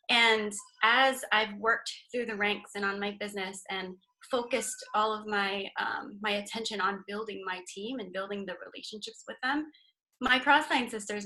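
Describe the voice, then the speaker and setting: A young woman from Hawaii speaks on a video call with a bright, clear voice. She sounds nervous and emotional, as if she is holding back tears. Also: medium pitch, low-quality recording. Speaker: guest speaker. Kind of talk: casual team call talk.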